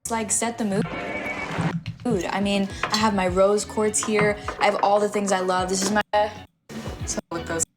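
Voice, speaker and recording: A young singer gives a casual video tour of her home at night, chatting playfully and giggling often. Her medium-pitched voice stays fairly even at a moderate pace, with music in the background.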